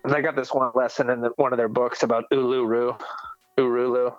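A man's voice: mid-range voice, level tone, quick pace, no echo, faint music behind. Laid-back rambling man. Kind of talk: casual chat. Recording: dull lo-fi sound.

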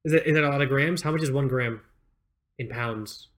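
A man co-hosting a casual podcast, joking and swearing freely, with excitable reactions. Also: medium pitch, fairly quick. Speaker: podcast co-host. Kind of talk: casual chat.

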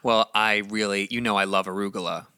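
A man co-hosting a podcast, chatting in a gossipy, animated way with frequent swearing. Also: lowish voice, brisk, clear, resonant tone, no room sound, clean studio sound. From New York. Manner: gossipy, profane, animated storytelling. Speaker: podcast co-host. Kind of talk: casual chat.

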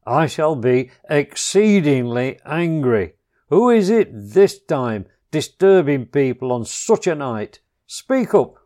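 A man voicing a gruff, suspicious old male badger who turns fatherly toward his friends in a storybook reading. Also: fairly high pitch, very animated, takes it slowly, darkish tone.

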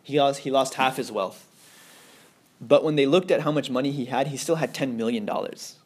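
A man teaching an Islamic lecture to a class, explaining step by step, mixing in Arabic phrases and checking that students follow. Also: medium pitch. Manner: explains slowly, asks class if they understand; mixes in Arabic terms and phrases.

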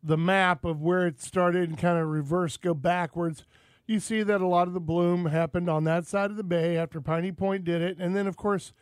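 A man's voice: high voice, fairly even intonation, moderate pace, clear, resonant tone, no echo. A man from Florida hosting a casual outdoors radio talk show, rambling and folksy as he talks over his co-hosts. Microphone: studio microphone.

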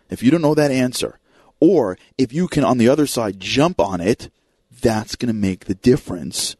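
A man hosts a talk radio hour in a fairly low voice, recorded dry and close in a studio. He tells a story and switches into the voices of the people he quotes. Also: a little mellow, breathy edge, no room sound. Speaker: fill-in radio host.

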